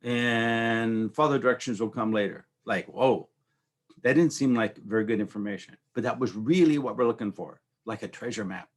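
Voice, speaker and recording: Host, male, lowish voice; loose, rambling motivational chat that keeps checking in with the listener. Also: normal speed. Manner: rambling, conversational, often asks "right?". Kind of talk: casual motivational talk.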